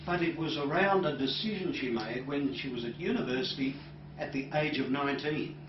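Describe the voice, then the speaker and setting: A man, a hypnotherapist, recounting a client's case to an audience, telling it at an unhurried pace with many pauses and dropping soft and low for quoted lines. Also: noisy background. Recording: roomy, distant and dull lecture audio.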